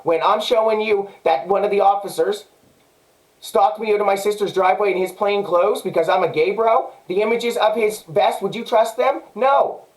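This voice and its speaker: A man's voice: sits high, normal speed, rough recording. A man with a Canadian accent delivering an angry, profane personal monologue, agitated and repetitive. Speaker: vlogger.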